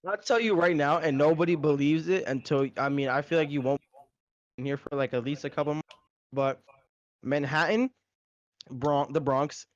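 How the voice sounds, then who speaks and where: A man's voice: on the high side, normal speed, long pauses, no echo, dull audio. A man with a New York accent chatting casually, filling his talk with "like". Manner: laid-back, says "like" a lot. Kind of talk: casual chat.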